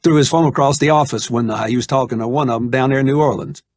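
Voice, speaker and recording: A man playing a laid-back middle-aged Arkansas man, talking in an easygoing, calming drawl. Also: medium pitch, fast, no room sound, studio quality, lightly acted.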